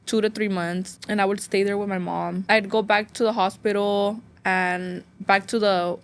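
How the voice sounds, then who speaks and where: A woman's voice: medium pitch, flat delivery, normal speed. A young woman from Phoenix, a guest sharing a painful personal story in a rambling, emotional way, full of "like" fillers. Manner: emotional, close to tears.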